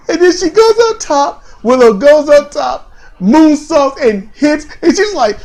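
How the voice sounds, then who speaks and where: Podcast co-host recapping a wrestling match, storytelling with lots of laughter, pitch swinging high and low. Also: unhurried. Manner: animated storyteller, laughing, mimicking others. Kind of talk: casual wrestling commentary chat.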